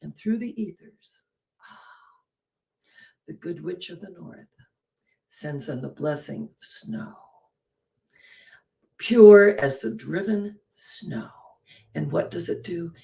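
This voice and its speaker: Gravelly woman telling an inspirational story. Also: fairly low pitch, slow pace, long pauses. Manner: animated, poses rhetorical questions. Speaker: inspirational speaker. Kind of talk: spiritual storytelling talk.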